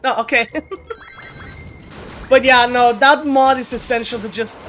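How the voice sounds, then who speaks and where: A woman with a slightly high voice chats casually on her game stream. She talks freely, often trips over her words and starts her sentences over. Faint game music plays under her voice. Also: steady tone, a little slow, a bit bright. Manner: chatty, laughing, stumbling restarts. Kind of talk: casual gaming stream chat. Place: home streaming setup.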